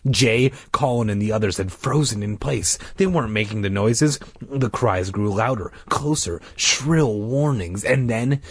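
A man's voice: fairly low pitch, husky, dry recording. A man casually reading a spooky children's book aloud, dramatizing it and slipping in joking asides. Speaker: reader.

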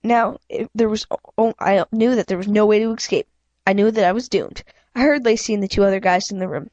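With a medium-pitched, slightly mellow voice and fairly even intonation, a woman reads a children's novel fairly quickly. She sounds plain and makes frequent mistakes that she corrects. Her self-adjusted home microphone gives a muffled sound with no room tone.

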